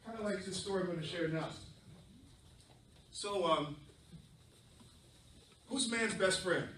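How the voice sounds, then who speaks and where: A middle-aged man from southern New England, a storyteller telling a lively, playful story to children. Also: high-pitched, unhurried, slight background noise. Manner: animated, playful, many fillers. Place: library event room. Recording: echoey room from far off.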